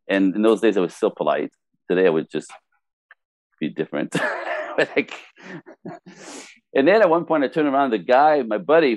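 Lively French Canadian man telling stories. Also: medium pitch, no echo. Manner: lively, laughs often, acts out quotes in different voices. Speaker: guest. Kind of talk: animated storytelling in a podcast interview.

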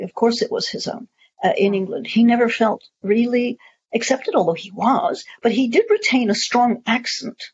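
A woman's voice: on the high side, breathy edge. A woman answering audience questions at a talk, discursive, with many fillers and restarts. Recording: muffled lo-fi audio.

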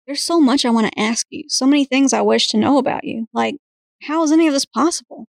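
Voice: sits high, quick pace, creaky, no room sound, studio quality. A woman voicing a shy, curious lover in a story she reads aloud on a podcast. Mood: eager.

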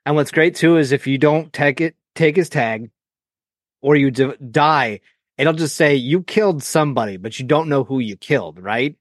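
A man's voice: fairly high pitch, moderate pace, dry recording. Chatty man telling stories, dry mic. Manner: animated storyteller, acts out quotes, profane. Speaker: podcast guest. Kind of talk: casual podcast chat.

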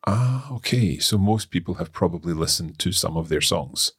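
Male learner-host, gravelly low voice, halting, thinks aloud. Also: animated, a bit bright, no echo, clean studio sound. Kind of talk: casual language lesson.

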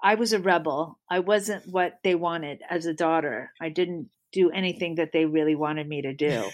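A middle-aged woman, a guest on an interview show, telling lively stories about her life in a casual chat. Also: sits low, moderate pace. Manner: animated storyteller.

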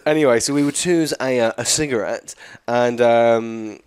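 A man's voice: mid-range voice, moderate pace, a little mellow, clean tone. A young man co-hosting a podcast, telling casual stories and rambling with lots of fillers. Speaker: podcast co-host.

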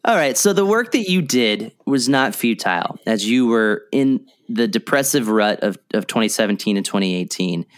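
Joking podcast host, low dry man. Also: expressive, normal speed, few pauses, no echo. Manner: joking, long-winded questions. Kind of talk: casual interview chat.

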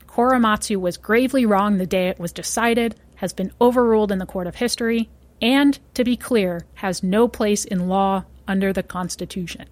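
A woman's voice: medium pitch, no room sound. A woman co-hosting a casual podcast, running a trivia quiz with playful, teasing remarks.

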